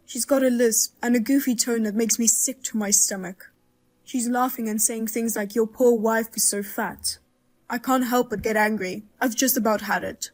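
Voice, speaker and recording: A woman voicing a sharp-tongued outraged mother-in-law. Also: fairly high pitch, close to an everyday voice. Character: blunt furious mother-in-law, older woman. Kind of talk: dramatized story voice-over.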